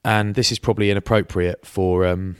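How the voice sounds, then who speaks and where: A British man telling lively laddish stories in a casual podcast chat. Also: on the low side, brisk, clear, resonant tone, no room sound, clean studio sound. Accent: British English. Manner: laddish banter, lively anecdotes with acted quotes. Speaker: podcast co-host.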